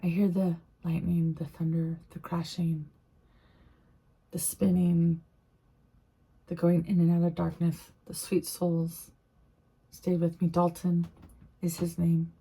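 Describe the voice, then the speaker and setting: A middle-aged woman tells a personal story to her vlog audience in a low, gravelly voice with a husky edge. She speaks haltingly, circling back over her own phrases as the emotion shows through. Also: monotone, dark tone. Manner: halting, repeats phrases, tearful at times. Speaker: vlogger.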